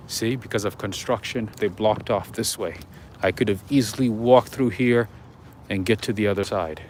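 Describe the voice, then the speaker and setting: A man's voice: fairly low pitch, a little slow. A man hosting an unscripted walking livestream outdoors, talking casually to his viewers as he goes. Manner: chatty, talks to viewers, often whispers. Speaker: livestream walking-tour host. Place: outdoors on city streets near a waterfront. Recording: mobile livestream with clear street noise. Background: street noise and traffic.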